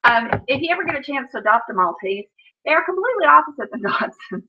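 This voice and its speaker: A woman's voice: high-pitched, sing-song, fast talker. A woman chatting casually on a home livestream from her kitchen, scolding her dogs in baby talk between stories. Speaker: vlogger. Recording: dull lo-fi sound.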